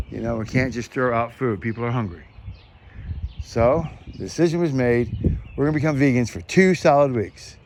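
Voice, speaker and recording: A man's voice: medium pitch, normal speed, background noise. A middle-aged man casually talking to camera about faith outdoors, rambling and earnest with frequent chuckles. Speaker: vlogger. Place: outdoors among trees.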